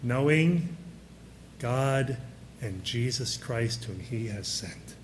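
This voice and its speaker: A man's voice: mid-range voice, animated, slow, noisy background. A man preaching a sermon in a conversational way, often putting questions to his listeners.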